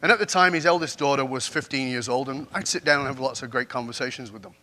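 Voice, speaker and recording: A man's voice: medium pitch, fast, pushed and bright. A man giving a motivational keynote talk to a live audience on a conference stage, telling stories and asking the audience questions. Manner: storytelling, asks the audience questions. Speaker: keynote speaker.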